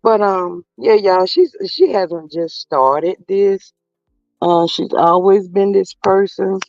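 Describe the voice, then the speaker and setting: A man with a high, creaky, darkish voice speaks slowly while hosting a casual live-stream commentary. He gossips in a drawling, sassy manner and reads chat to viewers, over slightly dull lo-fi audio with faint music.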